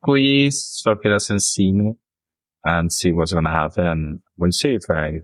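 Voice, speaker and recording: Very low-voiced man, halting. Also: no room sound. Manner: halting, with fillers. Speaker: player.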